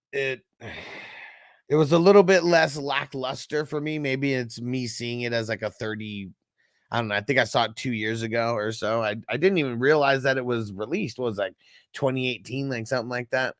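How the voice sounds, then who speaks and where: A man's voice: medium pitch, dry recording, studio quality. A young man hosting a casual livestream, reading out chat comments in a loose, rambling way and swearing freely. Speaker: host.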